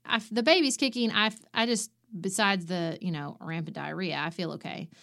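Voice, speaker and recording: A woman on a podcast, telling a personal story in a lively way and acting out what others said. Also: lowish voice, fairly quick, gravelly. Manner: animated, acts out quoted voices. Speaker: podcast co-host.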